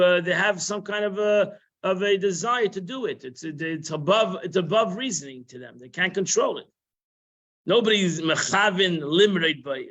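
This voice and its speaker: High-voiced man teaching a Torah class. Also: fairly bright tone. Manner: conversational, repeats phrases, sprinkles Hebrew and Yiddish terms. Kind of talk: informal religious lesson. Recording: muffled live-stream audio.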